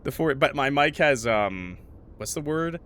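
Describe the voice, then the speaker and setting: A man's voice: on the high side, animated, measured pace, fairly bright tone, clear, resonant tone. A man streaming a horror game from his home room at the PC, chatting with viewers, joking and reading the game's narration aloud. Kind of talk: casual livestream commentary and reading game text. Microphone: desk mic with noise suppression.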